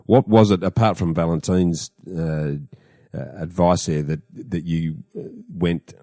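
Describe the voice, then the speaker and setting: A man's voice: low voice, warm tone, dry recording, studio quality. A man hosting a podcast, asking long questions with many restarts and repeated words. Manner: halting, repeats words while framing questions. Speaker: podcast host. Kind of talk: interview questions.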